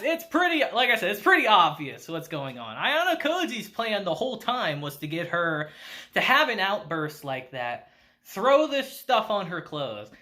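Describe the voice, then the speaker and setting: A man's voice: high voice, pushed and bright. A man recapping an anime episode in a laid-back style, cursing and chuckling as he goes. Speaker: anime reviewer.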